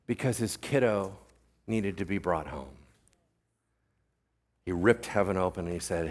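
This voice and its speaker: A man pastor giving a sermon in a conversational way, firing quick questions at the congregation and mixing jokey asides into earnest teaching. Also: sits low.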